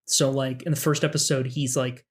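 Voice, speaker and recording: A man's voice: mid-range voice, little pitch movement, normal speed. A man co-hosting a podcast in casual chat, talking in an earnest, enthusiastic, rambling way. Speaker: podcast co-host.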